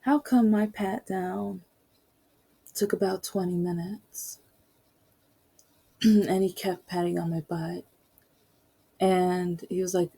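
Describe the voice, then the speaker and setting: Husky low-voiced woman telling a story. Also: steady tone, slow, pauses often, warm tone. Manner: candid, rambling, with many asides. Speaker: podcaster. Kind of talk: casual personal storytelling.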